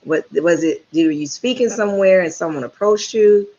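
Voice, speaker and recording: A woman's voice: fairly low pitch, normal speed, warm tone. Woman, talk show host, chatty and talkative, muffled lo-fi sound. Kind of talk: casual interview chat. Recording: dull lo-fi audio.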